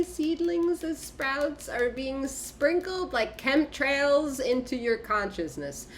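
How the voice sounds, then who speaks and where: A woman's voice: high-pitched, animated, slow pace, few pauses, a little hiss or hum. Emphatic, profane woman tarot reader. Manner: emphatic, repetitive, profane, punctuated by laughter. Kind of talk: casual spoken tarot reading.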